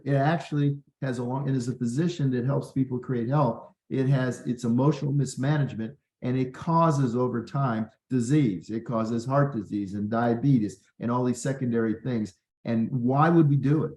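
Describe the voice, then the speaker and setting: Earnest guy doctor giving a workshop talk, warm mellow voice, roomy sound. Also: mid-range voice. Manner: earnest, conversational, many fillers. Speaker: physician and leadership workshop host.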